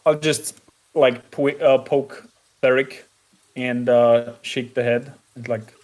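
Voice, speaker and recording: Dude playing d&d, mid voice, kinda halting, lots of likes. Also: male voice, medium pitch, fairly even intonation, darkish tone. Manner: halting, with fillers. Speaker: player. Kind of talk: casual chat playing a tabletop game.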